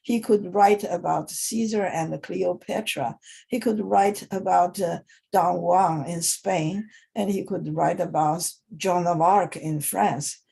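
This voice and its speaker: A woman teaching an informal English lesson, talking in a halting way with many pauses and restarts. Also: lowish voice, fairly even intonation, vocal fry, dark tone, slightly rough.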